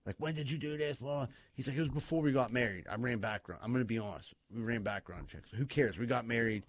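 A man telling a wild story in casual podcast chat, cursing often, laughing and talking excitedly. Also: mid-range voice, fast, no room sound. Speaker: podcast co-host.

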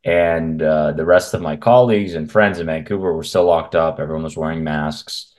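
A man's voice: very deep voice, fairly even intonation, normal speed. A man speaking as a guest, a men's health coach, chatting bluntly and with strong opinions in long rambling runs over a video call. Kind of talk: casual interview conversation. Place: at home in Canada.

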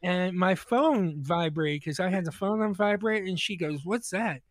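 High-voiced man telling a story. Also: normal speed, no room sound. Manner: animated, stammering restarts, acts out quoted voices. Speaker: podcast co-host telling a story. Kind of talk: casual storytelling chat.

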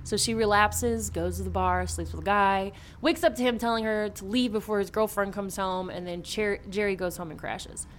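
A woman casually recapping a horror comic in chat, animated, dropping into quick character voices with lots of fillers. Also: mid-range voice, slight background noise. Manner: chatty, lots of fillers and restarts. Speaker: podcast co-host recapping a comic.

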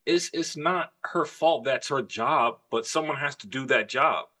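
A man's voice: mid-range voice, a little slow, bright, forceful tone. A man co-hosting a podcast, telling a story in casual, profane chat with emphatic asides. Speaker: podcast co-host.

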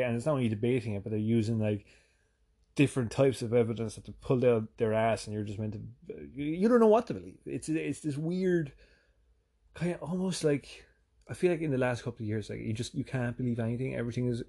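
A man from Ireland with a softened Irish accent, rambling through a casual, profane, self-deprecating vlog monologue. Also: mid-range voice, a little fast. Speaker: vlogger.

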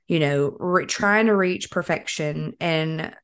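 A woman's voice: sits low, slow pace, fairly bright tone, clean tone. A young woman co-hosting a podcast in casual chat, telling stories animatedly and laughing often. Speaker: podcast co-host.

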